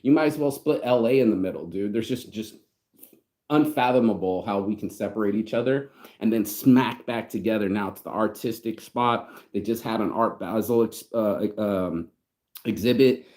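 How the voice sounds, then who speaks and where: A man's voice: lowish voice, moderate pace. Slangy storytelling American man. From United States. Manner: animated slangy storytelling, acts out quoted voices. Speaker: vlogger. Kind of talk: casual storytelling vlog.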